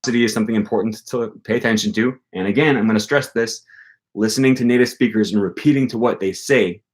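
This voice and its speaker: A young man with a somewhat low voice talks casually through language-learning tips, answering his viewers. He is chatty, fills his speech with ums and okays, and leans hard on stressed words when he gives examples. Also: fast talker. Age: young adult. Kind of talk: casual explanatory talk answering viewer questions.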